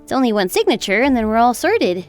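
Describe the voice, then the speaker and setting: A woman's voice: fairly high pitch, sing-song, fast, a little mellow, faint music behind. A woman playing a calculating young wife in a texting-story drama, sweetly polite yet cutting. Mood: sweetly businesslike. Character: cool, calculating young wife getting even. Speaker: daughter-in-law.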